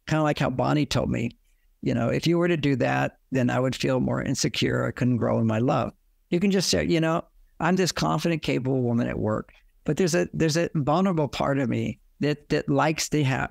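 A man's voice: medium pitch, creaky, no echo, studio quality. A man giving relationship advice in a rambling way, acting out quoted lines as he goes. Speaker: relationship author and guest. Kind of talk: advice talk.

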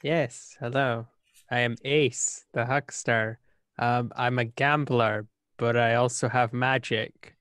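Slow talking guy in a tabletop game, giggly, dry close sound. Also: medium pitch, fairly even intonation, a bit bright, clean tone, no room sound. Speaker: player.

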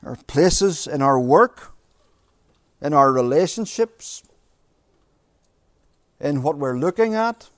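A man's voice: fairly high pitch, animated, slow pace, long pauses, dry recording, clean studio sound. A middle-aged man preaching a sermon in a church, earnest, repeating phrases and asking rhetorical questions. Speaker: pastor.

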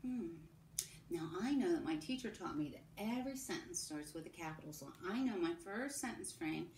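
A woman teacher giving a recorded phonics lesson to young children, modelling sounds and sentences slowly. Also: lowish voice, expressive, a little mellow, recorded from a distance. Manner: slow, sing-song, drawn-out modelling of sounds and sentences. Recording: echoey room with faint background hum.

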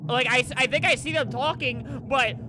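A young man giving sarcastic gameplay commentary, with deadpan asides that break into panicked yelps. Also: very high voice, normal speed, background noise. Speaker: gaming video host.

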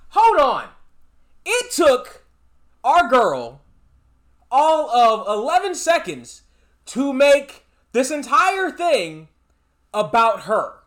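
A man's voice: very high-pitched, huge pitch swings, drawn-out words, long pauses, fairly bright tone. A man commentating in a casual vlog, emphatic and repetitive in his ranting. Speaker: commentary vlogger.

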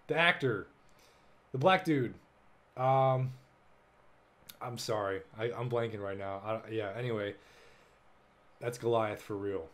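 A young man hosting a casual solo podcast, excitable and full of swearing, jumping between loud bursts and low mumbles. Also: a little slow, long pauses. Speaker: podcast host.

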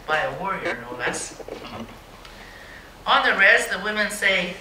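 A woman's voice: mid-range voice, animated, measured pace, noisy background. A woman giving a live poetry reading in a museum gallery, with a wry, mocking dry humor. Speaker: poet. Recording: roomy hall, mic at a distance.

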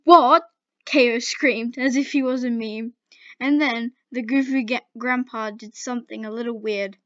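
A woman's voice: a little high, steady tone, normal speed, dry recording. A woman casually reading fan fiction aloud, with playful, laughing asides, in a dull lo-fi home recording.

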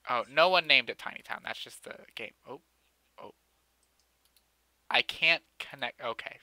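A young man talks through his city-building game in a loose, joking way, full of dry sarcasm and jabs at himself. His voice is very bright and tight. The sound is dry and close, with no room around it. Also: mid-range voice, a little slow, dry recording. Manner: joking, sarcastic, self-mocking, often laughing. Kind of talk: casual let's-play commentary.

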